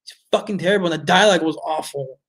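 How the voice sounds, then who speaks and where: A man's voice: on the high side, fast, fairly bright tone. A man giving a casual film review, blunt, exasperated and full of swearing. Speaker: movie reviewer.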